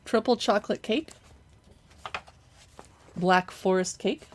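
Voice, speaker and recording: A woman hosting a casual live cookbook look-through, chatty and reading recipe names aloud with quick reactions. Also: mid-range voice, a little mellow, slight background noise. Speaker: cookbook reviewer livestreaming.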